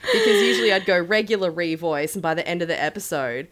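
A woman co-hosting a casual podcast, very loud and excitable, breaking into shrieking laughter and swearing freely. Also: fairly low pitch, fast, heavy background noise. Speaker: podcast co-host. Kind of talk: casual chat.

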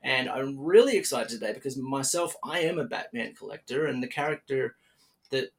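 A young Australian man hosting a casual podcast interview, upbeat and chatty, with plenty of fillers and restarts. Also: medium pitch. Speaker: podcast host.

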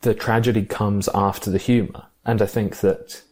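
Man, deep-ish voice, relaxed chatty film talk, musing. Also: normal speed, husky. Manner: enthusiastic, reflective, with fillers. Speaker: film podcast co-host. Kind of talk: casual film discussion.

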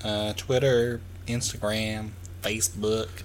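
A man's voice: fairly low pitch, little pitch movement, slow pace. Guy cohosting a podcast, jokey banter, laughs a lot, bit of hiss behind. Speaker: podcast co-host. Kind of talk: casual chat.

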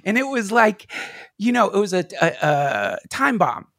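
A man's voice: high-pitched, very animated, unhurried, fairly bright tone, dry recording. A man on a podcast telling a personal story, rambling with many restarts and fillers, sometimes close to tears. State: near tears at times. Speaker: podcast guest.

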